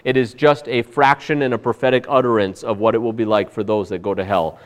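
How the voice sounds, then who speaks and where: A man's voice: lowish voice, fairly even intonation, brisk. Male preacher, earnest sermon, fillers and restarts, long reverb.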